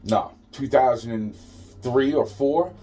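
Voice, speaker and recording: A man's voice: medium pitch, slow, dark tone. A man telling a rambling personal story. He swears constantly, loses his thread and trails off into repeated fillers.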